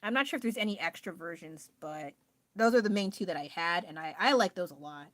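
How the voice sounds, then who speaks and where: A woman's voice: fairly low pitch, animated, a little fast, dry recording. A woman with an American accent chatting casually on a livestream, rambling and laughing often as she answers her chat. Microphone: phone.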